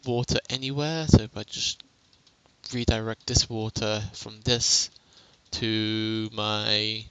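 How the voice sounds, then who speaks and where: A man with a quiet voice talking through a casual game tutorial on a headset mic, chatty and self-mocking, laughing often. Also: fairly low pitch, flat delivery, slow, clear, resonant tone, poor audio. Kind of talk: casual gameplay tutorial commentary.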